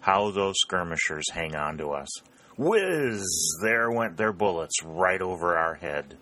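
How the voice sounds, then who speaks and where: Lively young Union private, emphatic and chatty; male narrator voicing him, deep-toned. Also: a little slow. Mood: excited. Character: young Union soldier, spirited and talkative.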